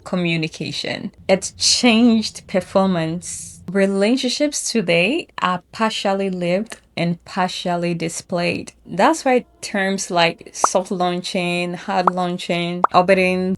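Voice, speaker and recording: Chatty woman with a lowish voice. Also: slow pace, hardly any pauses. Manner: chatty, self-correcting, laughs at own phrasing. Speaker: host. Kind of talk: casual explanatory commentary.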